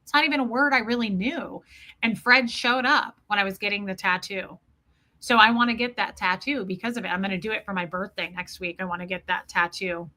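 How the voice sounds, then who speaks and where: A woman's voice: mid-range voice, steady tone, a little fast, bright, forceful tone. A woman hosting a live stream, telling a personal story in an earnest, casual way and greeting viewers by name.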